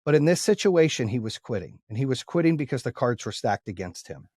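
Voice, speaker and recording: A man's voice: mid-range voice, big pitch swings, fairly quick, a little mellow, breathy edge, no echo, studio quality. Blunt swearing male podcast host. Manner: blunt, swears freely, retells arguments in dialogue. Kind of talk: casual storytelling.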